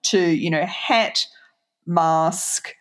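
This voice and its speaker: Woman, new zealand accent, podcast co-host, measured, explanatory, slightly low voice. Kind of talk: casual chat.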